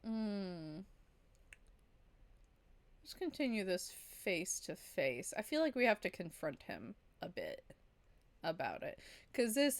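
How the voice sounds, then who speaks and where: A woman's voice: lowish voice, sing-song, takes it slowly, long pauses. A woman streaming a story game live, chatting casually and laughing often between her remarks.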